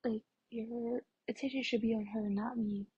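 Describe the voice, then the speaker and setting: A young woman talking to camera in a casual vlog, soft-spoken and exasperated, often dropping to a near whisper and filling her sentences with "like.". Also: on the high side, steady tone, normal speed, highs cut off. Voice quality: breathy, often half-whispered. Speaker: vlogger.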